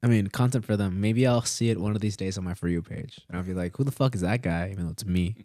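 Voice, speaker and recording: A man's voice: low voice, quick pace, dry recording, clean studio sound. A man in his early twenties co-hosting a podcast, telling a rambling, swear-heavy story and acting out the quotes. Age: early 20s. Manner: profane, rambling, animated retelling with acted-out quotes. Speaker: podcast co-host. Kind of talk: casual storytelling chat.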